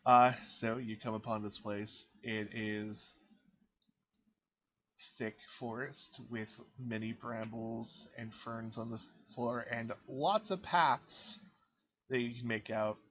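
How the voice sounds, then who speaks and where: Slow, easygoing male game master. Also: medium pitch, lo-fi sound. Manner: relaxed, halting narration with fillers. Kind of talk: narrating a tabletop game.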